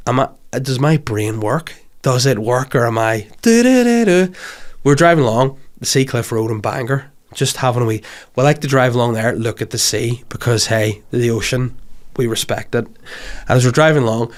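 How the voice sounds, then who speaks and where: A man in his thirties with a Northern Irish accent, a comedian hosting a podcast and telling rambling, sweary comic stories. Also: medium pitch. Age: 30s. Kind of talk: comic storytelling monologue.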